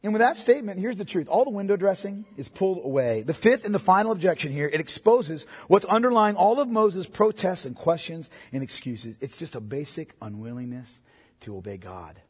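A male pastor preaching a sermon, swinging from hushed, low passages to loud, emphatic ones. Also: animated, brisk, slightly rough, big-room sound.

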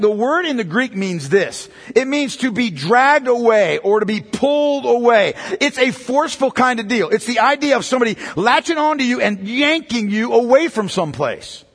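A man's voice: very high-pitched, fairly bright tone, in a large hall. A pastor preaching a sermon, driving his points home through repetition and rhetorical questions.

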